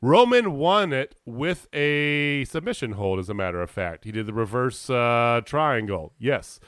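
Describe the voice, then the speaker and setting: A man in casual chat about wrestling, ranting in an animated way and swearing freely. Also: mid-range voice, measured pace, clean tone, dry recording, studio quality. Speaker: podcast co-host.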